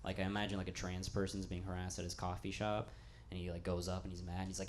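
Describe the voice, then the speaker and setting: A man doing a stand-up set in a small studio in front of a live audience, talking in an offhand, deadpan way that breaks into loud comic rants. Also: deep voice, fast. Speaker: stand-up comedian.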